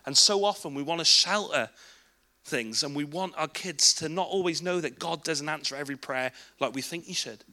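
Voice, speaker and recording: An English man in his thirties shares a personal testimony in a candid, chatty way, breaking off for asides to the listeners. His voice sits a little high and sounds bright and forceful. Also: normal speed. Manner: informal, candid storytelling with asides to the audience. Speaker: speaker at a church children's ministry event.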